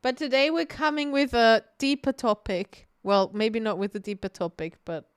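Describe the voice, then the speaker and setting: In a relaxed podcast conversation, a woman co-host laughs often and swears casually, speaking at a normal speed with fairly even intonation. Her slightly high voice has a clean tone, and the streaming mic yields clean studio sound free of room noise.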